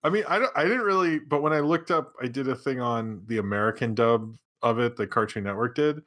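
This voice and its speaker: A man's voice: mid-range voice, a little fast, fairly bright tone. A man co-hosting a podcast in loose, rambling casual chat, joking around with friends. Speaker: podcast co-host.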